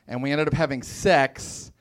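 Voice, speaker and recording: A young man from West Virginia doing a stand-up comedy set on a club stage, animated and self-mocking, slipping into exaggerated voices. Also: medium pitch, moderate pace.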